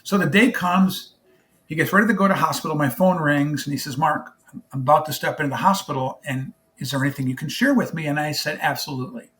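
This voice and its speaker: A man's voice: a little high, fast talker, a bit bright. A middle-aged man, a charity founder, telling an emotional story in an interview and acting out both sides of a phone call.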